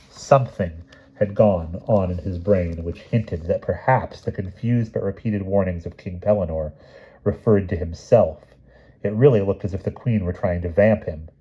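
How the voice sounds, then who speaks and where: A man reading a novel aloud in an expressive, measured storybook narration, on a dull lo-fi recording. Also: low voice, husky. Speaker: audiobook reader.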